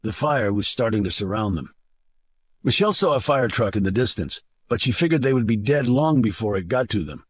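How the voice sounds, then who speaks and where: A man reading a thriller novel aloud as an audiobook narrator, with a steady, measured delivery into a close studio mic. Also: fairly low pitch, breathy edge. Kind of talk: scripted narration.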